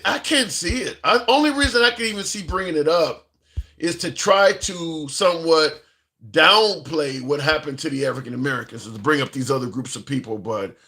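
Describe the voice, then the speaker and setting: Bright-voiced man hosting a call-in show. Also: a little high. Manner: talks back to chat and callers, restarts and emphatic repeats. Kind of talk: casual political commentary.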